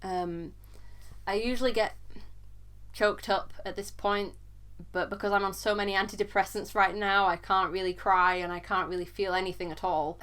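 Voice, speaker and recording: A young woman vlogger telling a personal story in an earnest, halting way, sometimes repeating words as she struggles to go on. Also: mid-range voice, steady tone, fairly bright tone.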